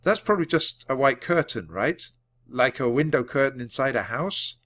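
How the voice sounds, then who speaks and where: A man's voice: mid-range voice, animated, normal speed, a bit bright, close to an everyday voice. A man reading a storybook aloud, voicing a nervous young boy who stammers. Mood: eager. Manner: stammering, anxious.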